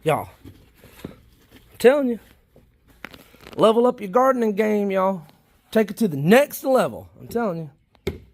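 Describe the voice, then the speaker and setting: Excitable man rambling on camera. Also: sits high, unhurried, gravelly, pauses often. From South Carolina, United States. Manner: rambling, folksy, easily excited. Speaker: worm farming vlogger. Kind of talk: casual chat while filming.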